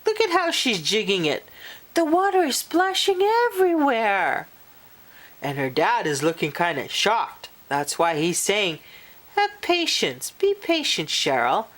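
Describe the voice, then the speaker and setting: A woman reading a children's picture book aloud, animated and expressive, pausing to talk to young listeners. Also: high voice. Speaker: storyteller.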